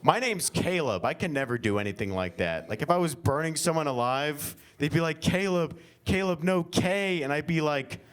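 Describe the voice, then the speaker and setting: A man's voice: on the high side, animated, fairly quick, few pauses, a bit bright. A young man from Oklahoma doing an improvised stand-up set at a winery comedy show, rambling with lots of fillers and self-deprecating jokes.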